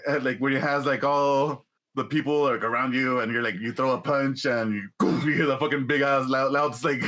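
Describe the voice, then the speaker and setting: Brief: male podcast co-host, bright forceful tone, slightly high, laughs through loose swearing storytelling. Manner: animated, laughing storyteller who swears a lot. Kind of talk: casual chat.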